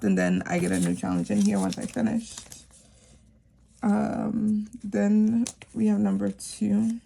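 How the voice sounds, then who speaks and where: A woman's voice: mid-range voice, gravelly, a little mellow, slight background noise. A woman chatting casually to camera about her savings challenges, rambling with lots of fillers. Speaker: savings vlogger; teacher.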